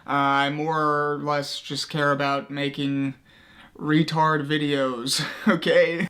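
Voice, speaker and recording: A man's voice: a little high, a little slow, pushed and bright. A young man hosting comedic video commentary, crude and mocking, profane, often laughing at his own jokes. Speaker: commentary YouTuber.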